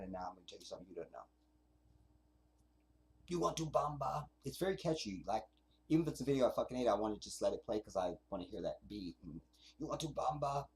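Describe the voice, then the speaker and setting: A man's voice: fairly low pitch, darkish tone. Rambling man hosting a livestream. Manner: rambling, swears, reads viewer chat aloud. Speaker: livestream host. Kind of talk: casual livestream monologue.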